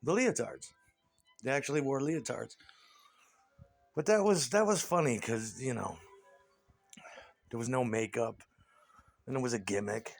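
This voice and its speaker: A man's voice: mid-range voice, unhurried, vocal fry, long pauses, faint music behind. A man talking casually in an interview, ranting and scornful, with lots of swearing.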